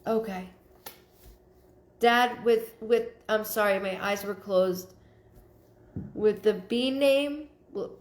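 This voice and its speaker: A woman giving a live psychic reading, relaying messages in a halting way with many fillers. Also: medium pitch, a little mellow, roomy sound. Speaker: psychic medium.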